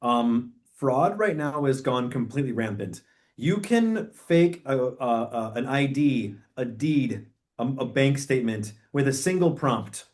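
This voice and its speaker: Animated man giving real estate training. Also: mid-range voice, measured pace. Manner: animated, acts out quoted dialogue. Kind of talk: training talk.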